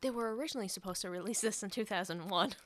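A woman's voice: medium pitch, rapid-fire, fairly bright tone, dry recording. A woman co-hosting a podcast, teasing her friend and eagerly explaining car terms in crude casual chat. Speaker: podcast co-host, car enthusiast.

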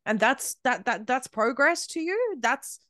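Podcast guest: Australian-raised woman, fairly high voice, emphatic, scornful, halting restarts, dry close sound. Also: sing-song, fairly bright tone, dry recording. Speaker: guest, media founder. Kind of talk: podcast conversation.

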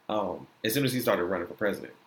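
A man's voice: lowish voice, fairly bright tone. A young American man hosting a podcast, rambling through his opinions in loose slang and often asking "you know what I'm saying". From United States. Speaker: podcast host. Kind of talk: casual opinion talk.

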